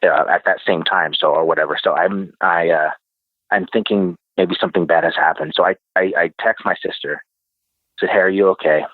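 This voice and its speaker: A man guest telling a personal story casually, halting with many fillers and restarts. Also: low-pitched, steady tone, no echo. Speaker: podcast guest. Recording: tinny phone-like remote line.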